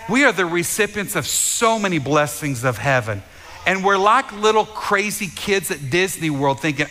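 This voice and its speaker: A man with a high, bright voice preaches to his congregation. He is fervent and repetitive, often doubling his words as he speaks straight to his listeners. His voice rings out with a long reverb in a big hall. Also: big pitch swings, measured pace. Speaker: pastor. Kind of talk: sermon.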